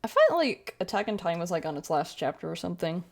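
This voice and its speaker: Chatty young woman with a low voice. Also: big pitch swings, quick pace, gravelly, a little mellow. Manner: rambling and chatty, with many fillers and self-corrections. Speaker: streamer. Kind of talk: casual chat while drawing on a livestream.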